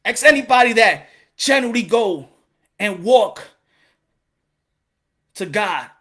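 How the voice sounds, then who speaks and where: A man hosting a boxing channel, giving an impassioned to-camera monologue in blunt street slang, fervent and preachy, often breaking into shouts. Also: sits high, animated, slow pace, breathy edge.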